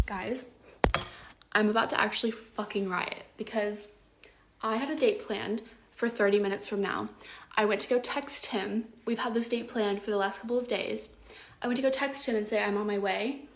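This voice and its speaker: A woman's voice: mid-range voice, steady tone, moderate pace. A young woman ranting in a casual selfie vlog, indignant and exasperated, with frequent swearing.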